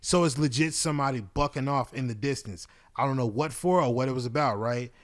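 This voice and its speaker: A man's voice: mid-range voice, a little fast. A man hosting a podcast, telling a long story in a casual, rambling way, full of profanity and fillers. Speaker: podcast host.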